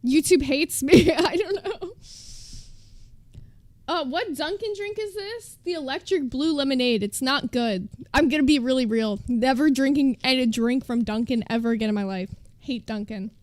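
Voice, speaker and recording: Chatty girl streamer, high voice, dry close sound, jokey. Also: normal speed, a little mellow, dry recording. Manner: chatty, joking, reads terms aloud to chat. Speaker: livestreamer. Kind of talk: casual stream chat.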